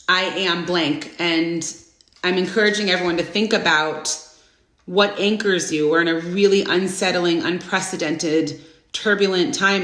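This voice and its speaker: Roomy-sounding woman in her forties, chatty. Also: fairly low pitch. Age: 40s. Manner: effusive, greets viewers by name with bursts of excitement. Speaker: host of a live inspirational stream. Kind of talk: casual live-stream chat. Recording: roomy echo.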